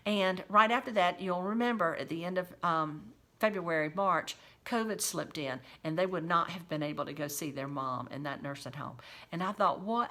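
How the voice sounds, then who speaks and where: Bright-voiced woman telling folksy stories. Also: lowish voice. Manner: chatty, folksy, quotes scripture. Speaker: home caregiver sharing memories. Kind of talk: casual faith-based storytelling.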